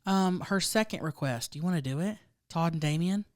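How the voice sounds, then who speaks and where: A woman's voice: on the low side, moderate pace. A woman co-hosting a podcast, bubbly and crude in casual chat. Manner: bubbly, laughing, crude humor. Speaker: podcast co-host.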